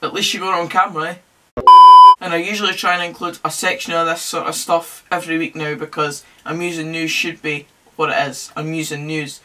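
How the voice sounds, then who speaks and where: A man's voice: on the high side, level tone, fairly quick, recorded from a distance, heavy background noise. A young man hosting a casual football podcast, chatty and jokey with wry asides. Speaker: podcast host. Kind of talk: casual solo football commentary.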